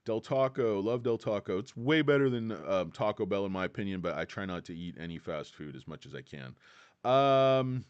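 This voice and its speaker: A man's voice: fairly low pitch, animated, moderate pace, clean tone, no echo, dull audio. A tired man from California's Central Valley hosting a casual stock livestream, rambling and joking with plenty of fillers. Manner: rambling, jokey, many fillers.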